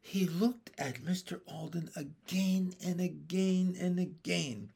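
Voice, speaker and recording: A man narrating a children's chapter book aloud, reading slowly and expressively. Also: high-pitched, vocal fry, darkish tone, husky.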